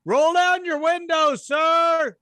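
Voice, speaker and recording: A man's voice: very high voice, fairly even intonation, takes it slowly, no room sound, pitched above the performer's own voice, exaggerated voice. A man voicing a stern police officer ordering a driver to roll down his window. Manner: commanding, loud.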